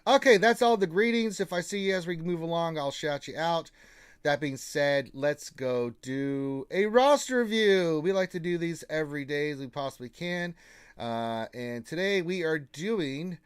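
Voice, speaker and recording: A man co-hosting a casual live gaming stream, reading out viewer greetings and teasing them with flat refusals. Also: a little high, normal speed, clear, resonant tone, no echo, clean studio sound.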